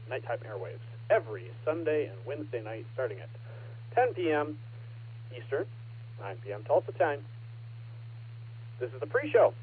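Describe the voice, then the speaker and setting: Man running a ham radio net. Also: medium pitch. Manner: relaxed, joking, reads out call signs. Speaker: net control operator. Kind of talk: amateur radio net check-ins. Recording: narrow, lightly hissy ham radio transmission.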